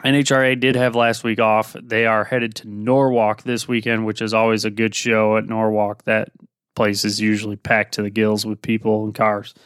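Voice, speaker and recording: A man's voice: fairly low pitch, moderate pace, clear, resonant tone, no echo, clean studio sound. A man hosting a podcast, giving a casual, rambling recap of the weekend's races with plenty of fillers. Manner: relaxed, rambling with many fillers. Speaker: podcast host.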